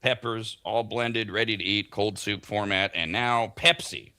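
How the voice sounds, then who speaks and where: A man's voice: lowish voice, a little slow, bright, forceful tone, clean tone, dry recording, studio quality. A man hosting a morning talk show, chatting and joking while reading out food news. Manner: chatty, jokey, reads product news aloud. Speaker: parent. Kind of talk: casual morning radio banter.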